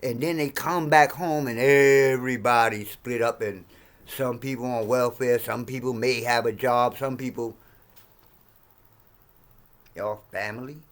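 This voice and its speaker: A man in his sixties ranting to camera in a profane, heated monologue, swinging between low mutters and sudden shouts. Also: steady tone, measured pace. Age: 60s. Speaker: vlogger.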